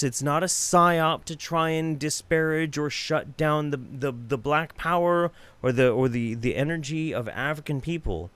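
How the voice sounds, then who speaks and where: A man's voice: on the high side, no echo. A man hosting a live stream, reacting to videos with profane, sarcastic rants and reading out viewer donations. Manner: reads viewer donations aloud.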